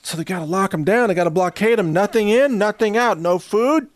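A man's voice: sits high, fairly quick, no echo. A man from the Southern US hosting a ranting monologue, sarcastic and chuckling between jabs. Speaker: host.

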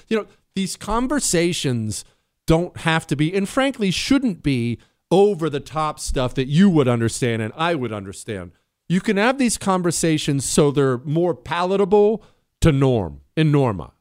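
A man's voice: fairly high pitch, smooth, dry recording, clean studio sound. A man hosting a talk radio show, delivering a monologue with emphatic repeated phrases and joking asides to a co-host.

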